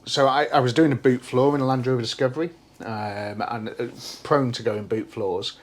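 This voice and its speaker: A man's voice: medium pitch, normal speed. A young man co-hosting a podcast, telling a story in casual chat, swearing freely and acting out what people said. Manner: animated storyteller, swears freely, acts out quoted speech. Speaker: podcast co-host.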